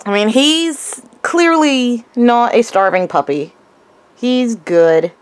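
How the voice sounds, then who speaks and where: Woman with a lively, singing voice. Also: on the high side, slow pace, clear, resonant tone. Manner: sing-song praise and firm short commands to a dog. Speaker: vlogger training her service dog. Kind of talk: casual vlog talk and dog commands.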